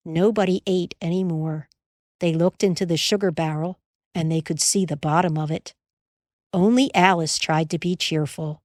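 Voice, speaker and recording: A woman reading a children's classic aloud as an audiobook narrator, measured and expressive. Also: low-pitched, no room sound, clean studio sound. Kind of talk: scripted storybook narration.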